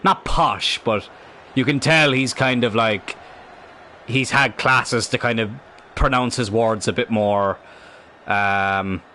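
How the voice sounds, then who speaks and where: Rambling Irish streamer from Cork. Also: male voice, mid-range voice, takes it slowly, sharp tone, a little hiss or hum. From Ireland. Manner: rambling, self-correcting. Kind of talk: casual gaming stream chat.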